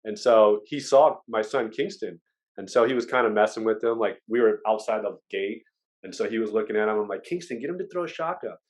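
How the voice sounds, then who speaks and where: A man chatting as a podcast guest, telling lively stories and acting out what people said. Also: on the low side, brisk. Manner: lively storyteller who acts out quotes. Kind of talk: casual chat.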